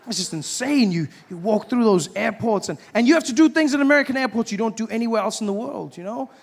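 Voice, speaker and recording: High-voiced man doing stand-up. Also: fast talker, gravelly, slight background noise. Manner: animated, conversational storytelling. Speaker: stand-up comedian. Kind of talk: stand-up routine.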